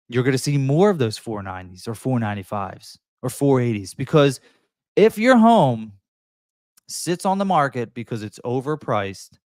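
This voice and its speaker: A man's voice: medium pitch, a little mellow, dry recording, studio quality. A man, a real estate agent giving emphatic advice straight to camera and briefly acting out frustrated buyers and sellers. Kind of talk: direct-to-camera advice talk.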